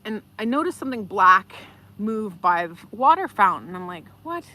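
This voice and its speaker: Bright-voiced chatty woman hosting a livestream. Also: mid-range voice, moderate pace, slight background noise. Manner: animated, chatty, reads viewer comments aloud. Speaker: livestream host. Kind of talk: casual live-stream storytelling.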